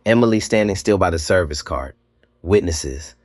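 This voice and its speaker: A man narrating a dramatic scripted story, measured and slow, with deliberate pauses. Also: sits low, lively intonation, dry recording, clean studio sound.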